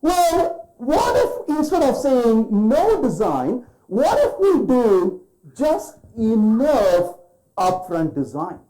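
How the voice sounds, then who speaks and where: A man's voice: very high voice, huge pitch swings, slow pace, dark tone, poor audio. A man giving a conference keynote, firing rhetorical questions at the audience and acting out quoted voices. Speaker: keynote speaker.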